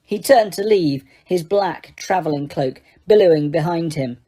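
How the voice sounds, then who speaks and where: A woman narrating an audiobook in a steady storytelling manner, with the odd small slip. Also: on the low side, a little slow. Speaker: audiobook reader.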